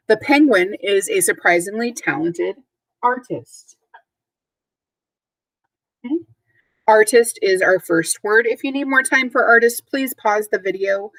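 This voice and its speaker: A woman teaching a recorded vocabulary lesson to third graders, speaking clearly and spelling words out letter by letter. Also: mid-range voice, fairly bright tone, dry recording, low-quality recording.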